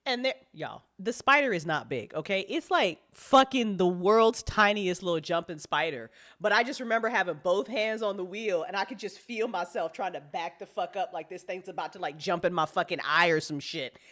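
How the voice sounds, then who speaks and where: Profane animated woman telling stories. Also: lowish voice, normal speed, hardly any pauses. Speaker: co-host, audio drama creator. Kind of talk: casual chat.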